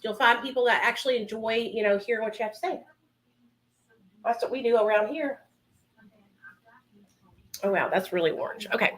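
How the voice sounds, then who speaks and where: A woman's voice: on the high side, a little fast, long pauses, a bit bright. A woman chatting casually with her livestream viewers from home while doing her makeup, calling them honey and baby. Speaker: livestream host.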